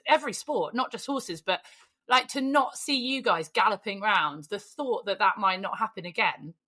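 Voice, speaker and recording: A woman's voice: mid-range voice, sharp tone. A British woman hosting a podcast, effusive and emotional, chatting casually with the odd swear word. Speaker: podcast host. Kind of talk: casual chat.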